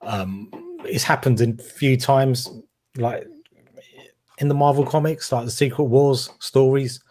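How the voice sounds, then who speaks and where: A man's voice: mid-range voice, fairly even intonation, a little slow, a little mellow. A man with a Cockney accent from London's East End, co-hosting a casual film chat and rambling with hesitant restarts. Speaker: podcast co-host.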